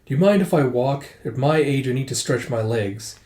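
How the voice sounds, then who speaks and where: A man reading an older male warlord doctor, cool, dry and measured. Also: medium pitch, animated, a little mellow, roomy sound, close to an everyday voice. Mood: cold.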